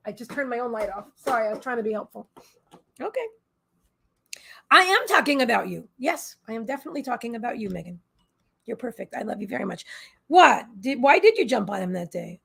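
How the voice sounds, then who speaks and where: A woman with a high voice and a gravelly edge hosts a live psychic reading stream from home. She rambles casually and emotionally, reading out viewer comments and breaking off to talk to her dog under the desk.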